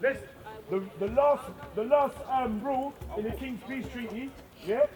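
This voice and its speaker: A man's voice: extremely high pitch, a little slow, darkish tone. A man organising an outdoor gathering, directing people and leading them in a group reading. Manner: directive, rallying. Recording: outdoor crowd noise. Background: crowd.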